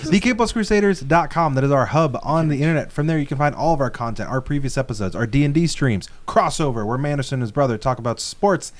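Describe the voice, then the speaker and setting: An enthusiastic man hosts a casual comics podcast, plugging shows and sponsors with energy. His pitch moves around a lot as he talks. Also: fast talker, few pauses. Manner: enthusiastic, animated plugs. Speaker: podcast host.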